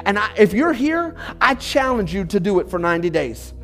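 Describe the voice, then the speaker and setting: A man's voice: high voice, sing-song, brisk, a bit bright, faint music behind. A pastor preaching an emphatic sermon to his congregation about marriage. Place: church.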